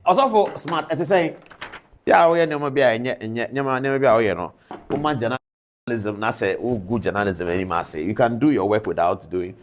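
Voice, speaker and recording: A man's voice: mid-range voice, normal speed. A man with a Ghanaian accent, a television journalist, giving commentary in a lecturing tone full of indignant rhetorical questions.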